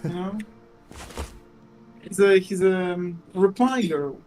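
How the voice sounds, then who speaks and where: A man bantering casually over a text game, halting and repeating himself as he talks. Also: high voice, a little mellow, faint music behind, low-quality recording. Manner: halting, repeats words, laughs easily. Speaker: co-host playing a text game.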